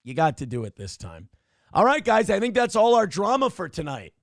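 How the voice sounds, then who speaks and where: Male stream host, gravelly, swears freely, dry close sound. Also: high-pitched, wildly swooping pitch, fairly quick, dry recording. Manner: blunt, profane, reads chat aloud. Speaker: show host. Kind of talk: casual live-stream commentary.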